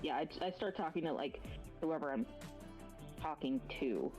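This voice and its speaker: Woman with a really low voice, easygoing rambly chat, faint music behind. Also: expressive, moderate pace, a little mellow, poor audio. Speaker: teacher, stream guest. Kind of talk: casual chat.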